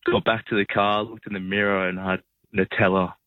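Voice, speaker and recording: Low-voiced guy telling a story, hesitant with lots of ums, dull lo-fi sound. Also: level tone, fairly quick. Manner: hesitant, laughing easily. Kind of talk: casual radio chat.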